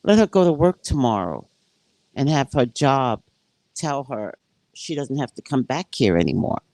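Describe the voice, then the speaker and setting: A woman's voice: a bass voice, very animated, moderate pace, a little mellow, no room sound, exaggerated voice. A woman voicing God as an all-powerful deity who grants wishes in a breezy, matter-of-fact way.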